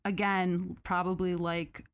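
A woman hosting a podcast, retelling a story in a casual, animated, sarcastic way with mock quotes. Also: on the low side, slow, smooth. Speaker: podcast host.

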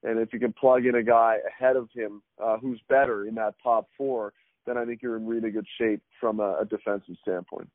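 A man giving measured analysis as a guest on a phone-in interview, talking through points with many fillers and restarts. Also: on the low side, steady tone, dry recording. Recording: tinny dry phone line.

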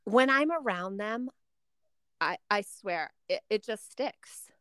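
Woman co-host, casual chat, laughs often, mid pitch, close dry sound. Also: slow pace, clean tone, no room sound. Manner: chatty, laughs often, animated. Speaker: podcast co-host.

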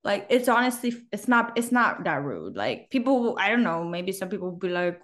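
A woman's voice: medium pitch, moderate pace, hardly any pauses. A woman co-hosting a podcast in casual chat, telling stories and acting out what people said. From Asia. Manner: animated storytelling, acting out quotes. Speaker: podcast co-host.

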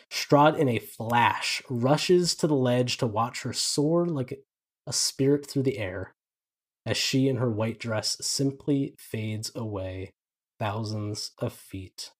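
A man narrating as game master of a tabletop game, in vivid, descriptive storytelling with casual asides. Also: mid-range voice.

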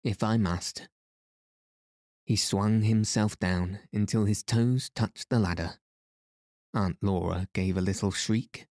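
A man reading a novel aloud as an audiobook narrator, calm and measured. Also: fairly low pitch, no room sound, clean studio sound. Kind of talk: scripted narration.

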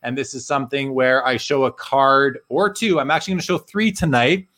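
Dude hosting a live show, friendly and chatty, reading out comments from viewers. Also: male voice, medium pitch, brisk, a bit bright. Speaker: host.

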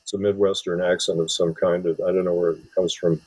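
Low husky-voiced male author. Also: flat delivery, a little fast, a little mellow, dry recording, rough recording. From Wisconsin. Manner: rambling, many restarts and fillers. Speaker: author and film scholar. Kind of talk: interview answers.

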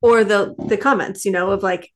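A woman's voice: mid-range voice, normal speed. Woman telling parenting stories. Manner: storytelling, animated quoting. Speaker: podcast guest. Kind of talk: casual conversation.

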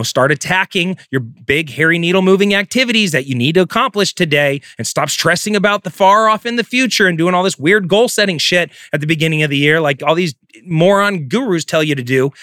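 A man's voice: sits high, sharp tone, no room sound, clean studio sound. A man giving a profane, emphatic motivational talk as a real estate coach. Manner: intense, profane, emphatic delivery.

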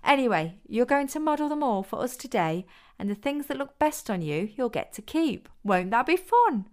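A sly young woman taunts and smirks, voiced by a woman reading the story. Her lines land higher and louder than the reader's own voice, crisp and clear. It has the sound of a storybook reading. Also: very animated, normal speed. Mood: smirking.

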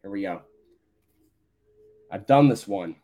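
A man's voice: fairly low pitch, lively intonation, slow pace, mellow. A man co-hosting a casual morning sports show, talking in an easygoing, plain way with some hesitations. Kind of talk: casual sports radio chat.

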